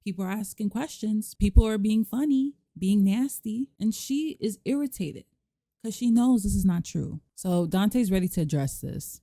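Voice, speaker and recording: A woman hosting a let's play, giving casual, animated commentary and voicing her characters' lines with sass. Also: mid-range voice, normal speed, no echo, studio quality.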